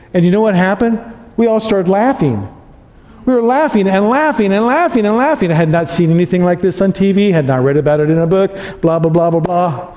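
A man's voice: a little high, warm tone. Preaching man in an echoing hall. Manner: earnest storytelling, rising to emphatic peaks. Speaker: pastor. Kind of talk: sermon. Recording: long reverb of a large hall.

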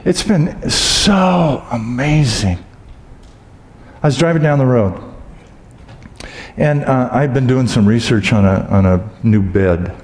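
A man preaching a sermon as pastor, telling stories with humor and acting out loud exclamations. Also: mid-range voice, lively intonation, slow pace, long pauses. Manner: humorous storytelling, acts out exclamations. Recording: echoey hall with long reverb.

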